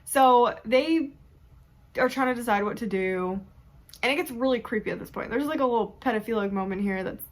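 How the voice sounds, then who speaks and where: A young woman chats through a book review in a casual, animated way. She laughs often and acts out her reactions. Her voice sits a little on the high side. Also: a little fast. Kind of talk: casual chat.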